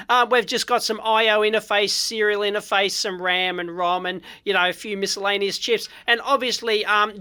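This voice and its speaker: An Australian woman of middling pitch talks her way through a hands-on teardown in casual, unscripted commentary. She is blunt and excitable, with lots of exclamations and loose fillers between her thoughts. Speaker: electronics vlog host.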